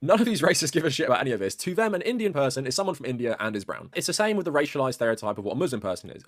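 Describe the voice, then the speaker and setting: A man's voice: mid-range voice, no room sound, studio quality. Chatty male video commentator. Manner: conversational, with frequent fillers of "like" and rising stress on key points. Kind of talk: casual video-essay commentary.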